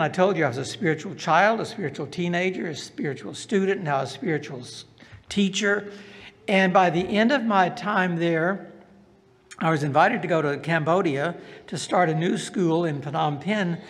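An older man with a Southern US accent tells his testimony, now and then turning to ask his listeners a question. His voice is a bit high for a man and gravelly. The sound carries a long hall reverb. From American South. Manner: storytelling, asks the audience questions. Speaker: speaker giving a testimony. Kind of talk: personal testimony talk.

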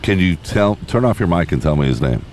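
A man with a very deep, low voice guesting on a podcast, dropping deadpan, crude wisecracks. Faint background noise sits under the studio sound. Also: fairly quick. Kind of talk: crude casual podcast banter.

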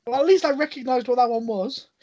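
A man's voice: very high-pitched, fast, a little mellow, no room sound. A man co-hosting a casual podcast, teasing his friend dryly and laughing often. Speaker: podcast co-host.

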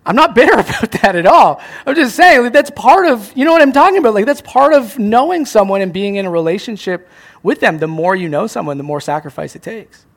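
A young man preaching a sermon as pastor, animated, acting out little scenes and joking at his own expense. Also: very high-pitched. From Canada. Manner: animated, acts out voices, self-mocking jokes.

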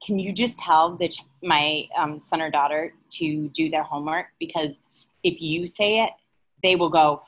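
A woman's voice: deep voice, steady tone, moderate pace. A woman in her forties, an educator, explaining herself in a casual interview with anecdotes. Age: 40s. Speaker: educator guest.

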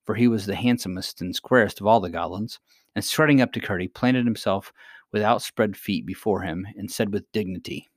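Man, storybook narrator, low voice, dry close sound, steady read. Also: fairly quick, no echo. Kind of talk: storybook reading.

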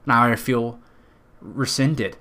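A man's voice: medium pitch, slow pace, sharp tone. A man with a nasal Western New York accent, hosting a podcast in a rambling, profane, jokey monologue. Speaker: podcast host.

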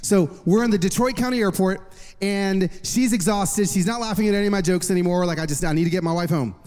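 A man in his thirties preaching a sermon to a congregation, telling a lively personal story with jokes. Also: sits high, fast. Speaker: worship pastor. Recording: long reverb of a large hall.

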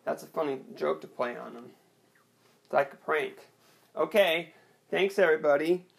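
A young man performing an awkward, rambling stand-up set with a hesitant, deadpan delivery and many restarts. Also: a little high, moderate pace, vocal fry. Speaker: stand-up comedian.

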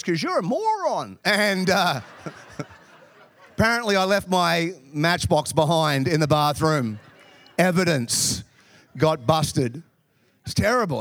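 A man's voice: fairly high pitch, a bit bright, no room sound. A middle-aged Australian man preaching a sermon through humorous, self-deprecating stories from his youth. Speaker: pastor. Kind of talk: storytelling sermon.

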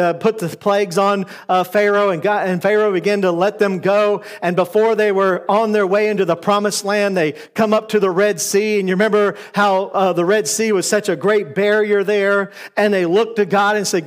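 A man with a high, light voice preaching a sermon. He retells scripture casually, stumbling over words and adding "uh" as he goes, then slipping into quick voices for the people in the story. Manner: retells scripture conversationally with fillers and acted quotes.

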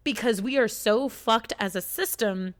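A woman's voice: on the high side, unhurried. A woman from the United States talking in a casual, rambling chat, swearing a lot and getting emotional as she tells her story.

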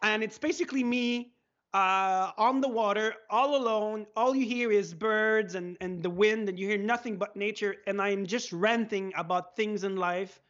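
A man from Quebec with a Quebec French accent, a French speaker chatting in English as a guest, excitable and laughing, swearing freely. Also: high voice, normal speed. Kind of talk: casual chat. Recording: dull lo-fi sound.

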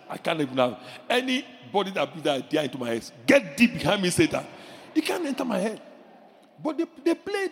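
A male pastor preaching a sermon, animated, shouting decrees and acting out little voices of the people he describes. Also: high voice, big-room sound.

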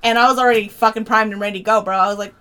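A young woman co-hosting a casual podcast, telling stories in an animated way and swearing a lot. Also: mid-range voice, very fast, clean tone. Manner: animated storytelling, heavy swearing. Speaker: podcast co-host. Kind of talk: casual chat.

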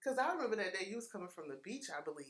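A woman's voice: medium pitch, very animated, very fast, background noise. A woman co-hosting a casual chat, playful and laughing often. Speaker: podcast co-host.

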